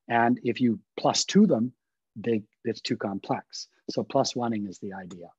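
A man's voice: mid-range voice, darkish tone, breathy edge, no echo, muffled recording. A man giving a webinar lecture to coaches, explaining points with emphatic repetition. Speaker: guest expert speaker. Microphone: video call.

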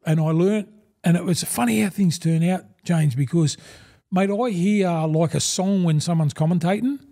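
An Australian man in his sixties, once a rugby league player and now a broadcaster, spins animated yarns as a guest in a casual interview. His voice is high and gravelly at a moderate pace, and he acts out quoted dialogue while saying "mate" constantly.

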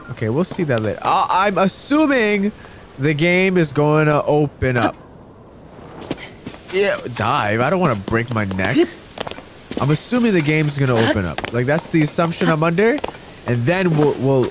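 A man giving casual, goofy let's-play commentary, mocking himself and talking to the game characters. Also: medium pitch. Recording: game music behind voice.

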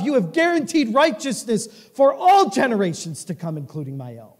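A male pastor preaching a sermon, reading scripture in a loud rising voice and dropping low for asides. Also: wildly swooping pitch, fairly quick, hardly any pauses. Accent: American Midwest. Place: church sanctuary.

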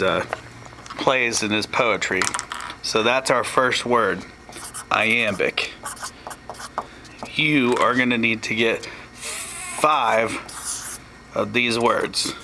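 A man teaching a step-by-step tutorial, explaining slowly and plainly with small joking asides. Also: fairly low pitch, sharp tone, slight background noise, low-quality recording.

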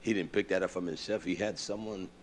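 A man preaching a sermon in a conversational way, swinging from hushed asides to loud bursts and asking his listeners questions he answers himself. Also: low voice, fairly even intonation, a little fast. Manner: asks the congregation questions and answers them himself.

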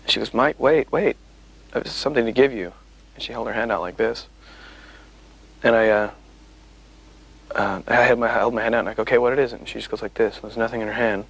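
A man's voice: on the low side, fairly bright tone, poor audio. A man being interviewed as a musician, telling stories in a wry, rambling way with lots of fillers. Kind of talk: casual interview chat.

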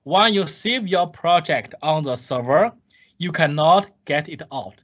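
In a slightly high, fairly bright voice with lively intonation, a man lectures a little slowly in a recorded screen-share course. He's repetitive and emphatic, asking the class questions and then answering them himself. The audio is a dull, lo-fi lecture capture.

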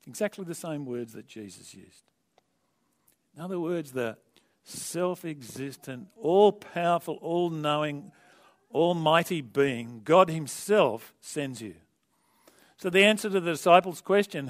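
A man preaching a sermon in an animated storytelling manner, with conversational asides to the congregation and big swings between quiet and loud emphasis. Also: fairly high pitch, a little slow.

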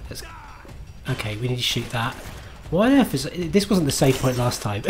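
A man's voice: mid-range voice, sing-song, moderate pace, over music. A man streaming himself playing a game, chatting to viewers in a self-mocking way, swearing and laughing at his own mistakes. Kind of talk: live gameplay commentary.

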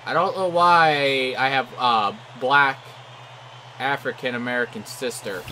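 A young man giving live gameplay commentary, joking and trash-talking, with loud outbursts at plays. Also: mid-range voice, a little slow, slight background noise. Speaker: gaming commentator.

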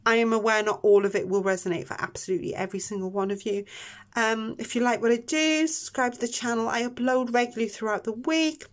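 A woman giving a chatty, emotional tarot reading, soft-spoken with many ums, tearing up at times. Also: on the high side, fairly even intonation, fast. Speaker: tarot reader. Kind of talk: pick-a-card tarot reading.

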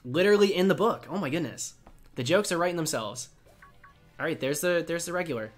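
Excitable man with a lively, swooping voice. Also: on the high side, brisk, faint music behind. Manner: excitable, chatty, coos at on-screen creatures. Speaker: gaming YouTuber. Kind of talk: excited gaming commentary.

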